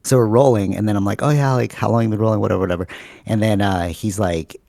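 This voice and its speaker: Low, dark-voiced man in casual chat. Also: fast, creaky, no echo, clean studio sound. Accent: Canadian. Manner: animated storytelling, many fillers. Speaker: podcast host.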